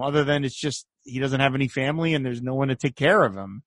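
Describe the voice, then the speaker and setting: In a dry, studio-quality recording, a mid-range-voiced man co-hosts a podcast, quickly and animatedly chatting about an old movie and acting out lines in quoted voices.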